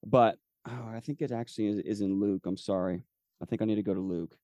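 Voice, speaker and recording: Mellow-voiced man teaching the Bible. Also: lowish voice, fairly quick, dry recording, highs cut off. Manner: keeps checking in with "okay?"; reads scripture aloud, correcting himself. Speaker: podcast host and preacher.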